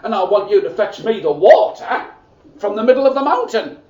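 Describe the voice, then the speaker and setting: A man's voice: sits high, very animated, fairly quick, darkish tone, highs cut off. A man voicing a wicked, demanding stepmother with a scratchy, sneering voice, recorded from far off in an echoey room. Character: wicked scheming stepmother, grown woman.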